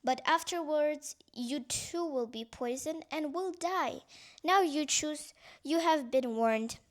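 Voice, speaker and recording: A woman voicing a little whimpering mouse. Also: slow pace. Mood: pleading. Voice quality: high, sniffling, whimpering. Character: small frightened female mouse, clever and plaintive.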